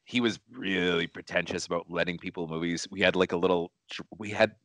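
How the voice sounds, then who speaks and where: A man's voice: sits low, fairly even intonation, fairly quick, a bit bright, dry recording. A man co-hosting a casual chat, telling a story in a rambling way, repeating words and restarting his sentences. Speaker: co-host. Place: studio.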